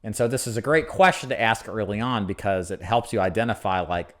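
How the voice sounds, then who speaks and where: A man giving lively coaching commentary on a recorded sales call, laughing at his own jokes and showing how to use inflection. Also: on the low side, fairly quick. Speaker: sales trainer.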